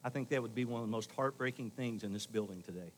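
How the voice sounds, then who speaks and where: A middle-aged male pastor talks to his congregation in a conversational sermon, his mid-range voice moving at a quick pace. He shifts back and forth between loud emphasis and quieter asides.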